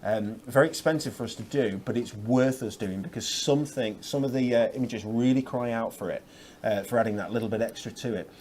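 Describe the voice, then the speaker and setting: A man's voice: medium pitch, fairly quick, darkish tone, a little hiss or hum. A man presenting craft products on a shopping channel, chatty and upbeat with lots of fillers. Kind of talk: enthusiastic product demonstration.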